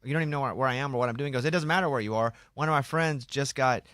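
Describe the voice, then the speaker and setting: A man hosting a radio show, chatting casually in the studio with his co-hosts, in a relaxed conversational way. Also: medium pitch, rapid-fire, dry recording. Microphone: studio microphone.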